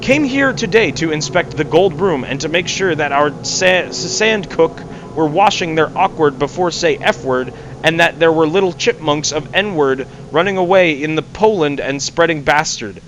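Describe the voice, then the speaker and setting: A man's voice: fairly high pitch, animated, normal speed, few pauses, a bit bright, lo-fi sound, slight background noise. A man reading a nonsensical fan story aloud in mock earnest and laughing at it now and then. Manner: reads absurd text in mock earnest, breaking into laughter. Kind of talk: amused dramatic reading.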